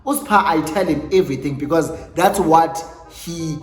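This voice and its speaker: A South African man on his YouTube channel, telling a storytime tale in an animated, dramatic way and mixing English with Xhosa phrases. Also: a little high, normal speed. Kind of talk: storytime vlog. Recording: echoey room with long reverb, faint music.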